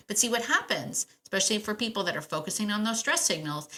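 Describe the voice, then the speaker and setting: A woman hosting a dog training podcast, giving emphatic, animated advice in a casual way, repeating her key points and laughing often. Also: medium pitch, fast.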